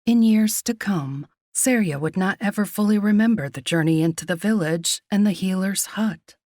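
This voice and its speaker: A woman giving scripted, measured narration of a romance audiobook. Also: medium pitch, a little mellow, no room sound, clean studio sound.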